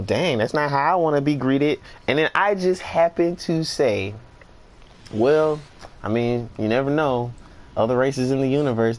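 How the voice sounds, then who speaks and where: A young man casually telling a funny work story while playing a game, animated and laughing, acting out the people he quotes. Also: medium pitch. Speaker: gaming streamer.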